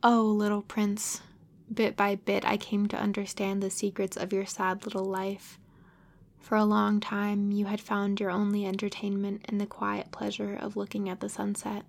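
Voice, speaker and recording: A woman narrating a classic children's story in the first person, measured and gentle. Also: medium pitch, little pitch movement, creaky. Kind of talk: storybook reading.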